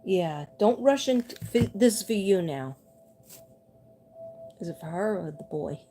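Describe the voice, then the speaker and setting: A woman doing a livestream spirit reading as a psychic medium, gentle and reassuring, repeating her messages. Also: medium pitch, lively intonation, a little slow, faint music behind.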